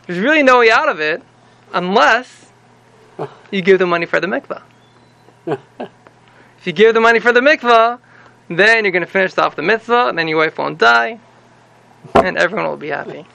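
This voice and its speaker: A self-satisfied old rabbi explains his plans in a rambling, confiding voice, as a man puts him on. His voice is high and gravelly. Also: lively intonation, moderate pace, long pauses, bright, forceful tone, no room sound, heavily acted. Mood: scheming. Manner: rambling, confiding, pleased with himself. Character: scheming, self-important older male rabbi.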